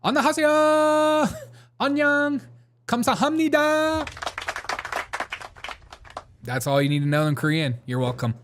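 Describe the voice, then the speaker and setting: A man's voice: mid-range voice, a little hiss or hum. A man hosting a live show, chatting casually and rambling through jokes and chat replies, laughing often. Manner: reads chat and answers it.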